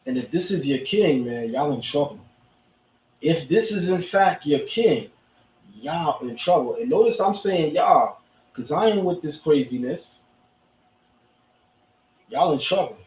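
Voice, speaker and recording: A man's voice: fairly high pitch, animated, a little slow, long pauses, darkish tone, a little hiss or hum. A man hosting a commentary show who speaks emphatically and preachily, repeating lines for stress. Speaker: host. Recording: echoey, distant, dull sound.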